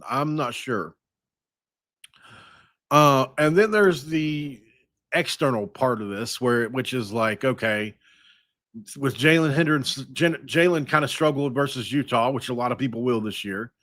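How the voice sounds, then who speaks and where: A man hosting a sports podcast, talking casually and thinking out loud with frequent restarts. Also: mid-range voice, animated, measured pace, no room sound, clean studio sound. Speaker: podcast host.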